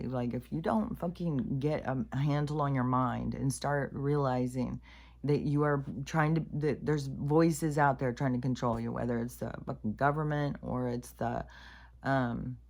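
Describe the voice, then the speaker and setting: A woman giving a casual spiritual monologue to camera in a blunt, profane, rambling way. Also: extremely low pitch. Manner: plain-spoken, calls herself raunchy. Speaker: spiritual vlogger.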